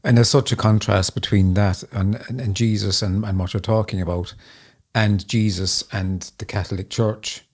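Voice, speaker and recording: A man hosting an interview, halting and searching for words as he asks questions. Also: fairly low pitch, fairly even intonation, darkish tone. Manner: halting and searching, filled with "you know". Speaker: podcast host. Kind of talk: interview conversation.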